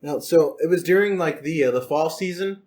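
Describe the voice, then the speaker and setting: A young man in his twenties co-hosting a podcast, telling a story in a relaxed, easygoing way. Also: a little high, normal speed. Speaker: podcast co-host. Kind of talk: casual storytelling.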